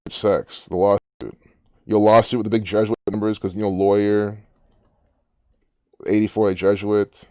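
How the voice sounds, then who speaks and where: A man's voice: lowish voice, level tone, moderate pace, pauses often, dark tone, no echo, clean studio sound. A man hosting a casual commentary, rambling and musing aloud with frequent restarts. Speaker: gematria channel host.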